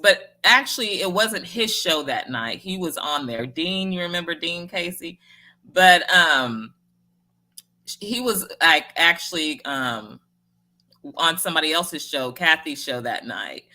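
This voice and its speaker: In a relaxed livestream chat, a woman with a fairly low, bright and forceful voice goes slowly through viewer comments. She cheers people on folksily and frequently laughs.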